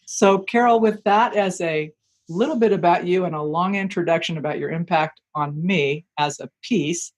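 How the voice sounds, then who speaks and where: A woman's voice: lowish voice, normal speed. A woman hosting a podcast, earnestly introducing her guest and recalling meeting her. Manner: warmly appreciative, earnest. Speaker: podcast host.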